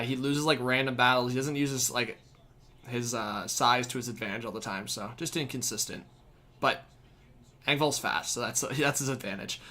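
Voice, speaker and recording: A young man hosting a live hockey stream, calling plays excitedly and chatting casually with viewers. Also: mid-range voice. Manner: excitable, shouts at big plays, chats with viewers. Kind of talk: hockey play-by-play and chat.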